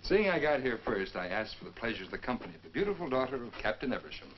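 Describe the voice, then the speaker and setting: An actor voices a breezy young officer in an old western film, cocky and teasing. He talks fast with a lively, bouncing pitch and a glib, jaunty manner. The sound is dull with a faint hiss. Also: lightly acted. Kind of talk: 1950s western film acting.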